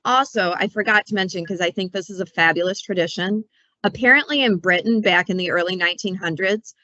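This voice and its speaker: A woman's voice: fairly low pitch, sharp tone, no echo, highs cut off. A woman librarian chatting casually about books, telling stories in a playful way with asides. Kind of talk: casual book talk.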